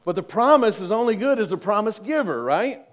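A middle-aged man preaching to his congregation in a light, high voice. He keeps it conversational, cracks jokes and keeps asking the room questions. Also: animated, brisk. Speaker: pastor. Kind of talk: sermon.

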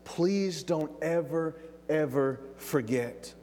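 A man's voice: on the high side, a little mellow. A man preaching a sermon in an emphatic way, drawing words out and calling for amens. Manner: emphatic, drawn-out pauses, calls of amen. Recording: long reverb of a large hall.

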